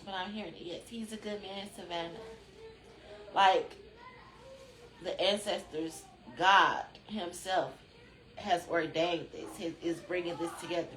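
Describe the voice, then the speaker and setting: A woman's voice: on the low side, fairly even intonation, unhurried, fairly bright tone, roomy sound. A woman hosting a rambling spiritual chat, drowsy, chatty and loosely profane, talking from a room at home. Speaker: spiritual channel host.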